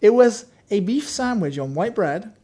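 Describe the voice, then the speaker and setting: A man's voice: high voice, lively intonation, normal speed, mellow. A man who writes for a games magazine, telling a wry, self-mocking anecdote in casual podcast chat.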